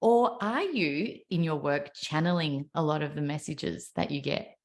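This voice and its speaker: A woman's voice: low voice, animated, unhurried. A woman with an Australian accent hosting a podcast interview, earnest and full of praise. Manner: gushing and earnest. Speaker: podcast host.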